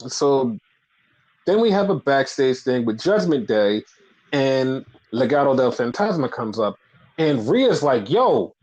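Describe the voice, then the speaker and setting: A man's voice: medium pitch, big pitch swings, measured pace, darkish tone. Rambling man in casual chat. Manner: rambling, many "like" fillers, acts out quotes. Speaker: podcast co-host. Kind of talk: casual chat recapping wrestling. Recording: slightly dull lo-fi audio.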